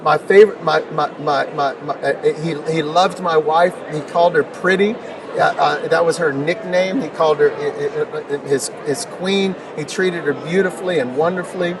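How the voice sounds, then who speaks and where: A man's voice: a little high, normal speed. A middle-aged man, an interview guest, telling personal stories in an emphatic way, repeating words and building rhetorical questions. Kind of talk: conversational storytelling interview. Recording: distant mic with noticeable noise.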